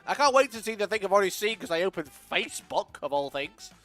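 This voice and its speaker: A man's voice: high-pitched, sing-song, quick pace, faint music behind. A young man from Sheffield, chatting casually to his live-stream audience, swearing freely and laughing often. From Sheffield, England. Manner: sweary, laughs often, swings loud and quiet.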